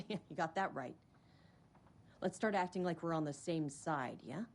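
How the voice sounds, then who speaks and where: A dry, sardonic federal agent. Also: female voice, sits low, a little slow. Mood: wry. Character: wry female federal agent. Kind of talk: video game voice acting.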